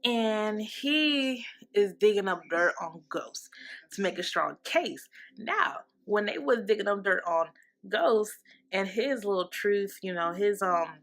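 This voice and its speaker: Female vlogger, casual TV recap, profane and animated, mid-range voice. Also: medium pitch, slow. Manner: candid and profane, animated reactions.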